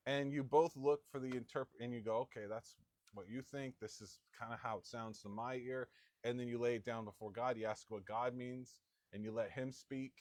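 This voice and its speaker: A man preaching a sermon in a loose, conversational way, acting out people's voices with sudden jumps in pitch. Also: no room sound. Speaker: pastor.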